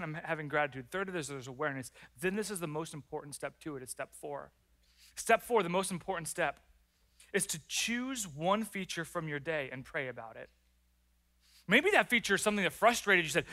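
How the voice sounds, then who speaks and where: Male pastor preaching, higher than most men, bright and forceful, animated delivery that acts out little prayers. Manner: animated, acts out prayers and complaints in lively voices. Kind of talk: sermon. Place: church.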